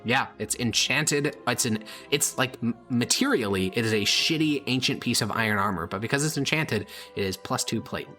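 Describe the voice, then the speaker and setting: A man's voice: mid-range voice, normal speed, few pauses, bright, forceful tone, soft background music. A man running a tabletop game as game master, casual and joking, swearing and laughing often.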